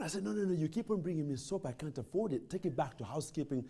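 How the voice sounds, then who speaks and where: A man gives a motivational talk, his fairly high voice swinging widely as he tells a funny story. He jokes and restarts his phrases as he goes. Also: expressive, fast, warm tone, slightly rough. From Uganda. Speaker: guest speaker. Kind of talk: humorous motivational speech.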